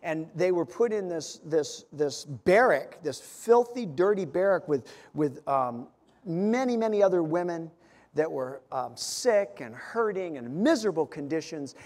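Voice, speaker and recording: A pastor preaching a sermon, telling stories and acting out quotes, building to loud emphatic peaks. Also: male voice, fairly high pitch, expressive, unhurried. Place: church sanctuary. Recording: long hall reverb.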